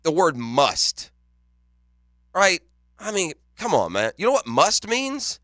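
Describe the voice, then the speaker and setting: A man's voice: high-pitched, wildly swooping pitch, slow pace, sharp tone, no echo, clean studio sound. A man co-hosting a morning sports radio show, chatting casually, teasing and laughing often. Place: radio studio. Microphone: studio microphone.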